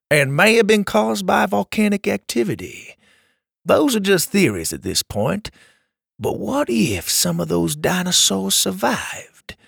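Casting: calm, wise camp elder, measured and animated in pitch, put on by a narrator. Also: male voice, creaky, breathy edge, dry recording, studio quality, full character voice.

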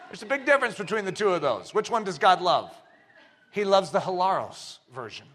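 Pastor guy preaching, high bright voice, jumps from quiet to shouting. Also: moderate pace, a faint crowd. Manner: animated, shifts between hushed and shouting; acts out quoted voices. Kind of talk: sermon.

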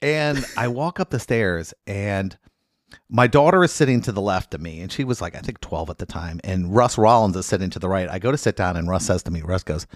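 A man's voice: sits low, a little fast, no echo, clean studio sound. A man, a guest lawyer, telling comic stories in casual podcast chat and acting out the people he quotes. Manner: animated, acts out quotes in loud voices.

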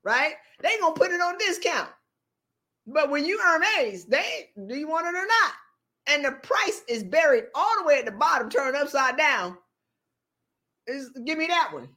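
A woman podcast host speaks in a high, bright voice. She talks in an animated, colloquial way and swings her pitch widely as she gives motivational talk. Her tone stays playful and emphatic. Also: a little slow.

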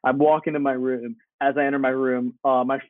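A man's voice: medium pitch, little pitch movement, a little fast, dry recording. A young man chatting casually, a laid-back storyteller who acts out what people said. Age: young adult. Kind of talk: casual chat. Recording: tinny phone-like call audio.

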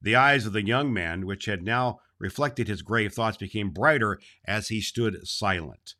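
Low-voiced man reading a storybook. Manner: gentle, unhurried storybook reading. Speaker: storyteller in a Santa Claus persona. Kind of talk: reading a chapter book aloud.

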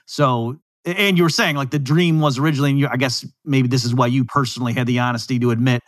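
Male podcast host, chatty and quick to act out quotes, dry close mic, mid-pitched. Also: no room sound. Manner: talks in lively bursts, slips into voices for quoted people. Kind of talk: casual economics discussion.

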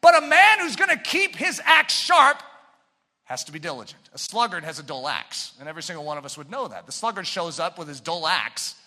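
A man preaching a sermon with fervent delivery, swinging between shouted points and quiet asides. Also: high voice, very animated, brisk, in a large hall.

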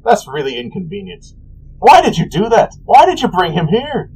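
A man's voice: high-pitched, very animated, moderate pace, gravelly, a little mellow, a little hiss or hum, voice pushed up, full character voice, poor audio. A man voicing a male trickster god who complains in a whiny, wounded, theatrical way. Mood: aggrieved.

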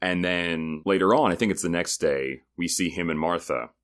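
A man co-hosting a podcast, recapping episodes in a chatty, joking way. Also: low voice. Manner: chatty, joking, does quick impressions of people. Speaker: podcast co-host. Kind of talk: casual recap chat.

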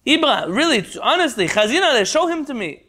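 Pushy Roman emperor, raised high voice, gravelly edge, insistent, as a teacher puts him on. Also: male voice, big pitch swings, fairly quick, sharp tone, full character voice. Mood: demanding. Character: demanding Roman emperor, male adult, insistent.

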